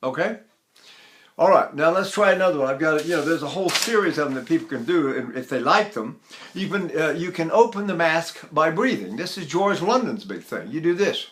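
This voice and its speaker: Bright-voiced older man teaching singing. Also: fairly high pitch, animated, a little fast, a little hiss or hum. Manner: explains in short phrases, then sings syllable exercises. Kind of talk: vocal technique lesson with sung demonstrations.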